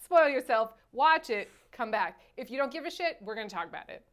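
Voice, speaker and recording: High pitched woman host, animated and exasperated, casual film chat. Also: a little fast. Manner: animated, exasperated, restarts and trails off. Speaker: podcast host, film reviewer.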